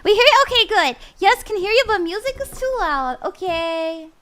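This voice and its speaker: A woman's voice: extremely high pitch, expressive, normal speed, a bit bright. A young woman reading tarot on a live stream in a bubbly, giggly put-on voice, often flustered and apologetic. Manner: bubbly, giggly, flustered while fixing audio.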